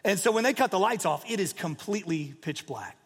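A man in his forties preaching a sermon, telling a story in a relaxed, conversational way with plenty of fillers. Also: high-pitched, fairly quick, husky, in a large hall. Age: 40s. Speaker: pastor.

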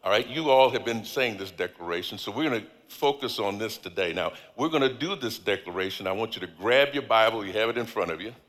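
Deep-voiced preacher man in a reverberant hall. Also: lively intonation, brisk, few pauses, a bit bright. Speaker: guest speaker. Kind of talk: sermon. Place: large church hall.

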